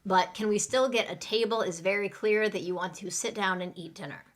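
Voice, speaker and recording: A woman teaching English in a live online class, speaking slowly and clearly and acting out restaurant phrases for learners to repeat. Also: medium pitch. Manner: slow, clear teaching delivery with role-play lines.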